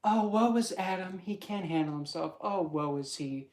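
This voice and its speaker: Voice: mid-range voice, normal speed, darkish tone, voice pushed up, close to an everyday voice. A mocking temptress with overdramatic sighs, taunting a bound man, as a tarot reader puts her on. Her teasing is broad and theatrical, and she sounds utterly unimpressed.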